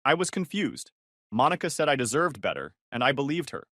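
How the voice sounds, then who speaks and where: A man voicing a drunk, furious young woman who yells at her ex and breaks into tears. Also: very animated, a little fast, no echo, studio quality. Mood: tearful pleading. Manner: shrill yelling, voice cracking. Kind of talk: storytelling voice acting.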